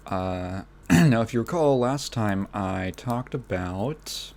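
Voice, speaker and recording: Guy with a lowish voice rambling on his podcast, lots of likes and uhs, keeps clearing his phlegmy throat. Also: lively intonation, takes it slowly, darkish tone, a little hiss or hum. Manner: rambling, lots of fillers and restarts. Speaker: podcast host. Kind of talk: casual solo podcast chat.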